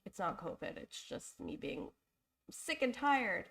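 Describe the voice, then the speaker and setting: A young woman hosts a live design stream while getting over a cold, and her voice carries a gravelly fry. She chats casually, thinks aloud with lots of fillers and restarts, and is openly apologetic and emotional. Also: medium pitch, sing-song, unhurried, fairly bright tone. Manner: chatty, thinking aloud with fillers and self-corrections.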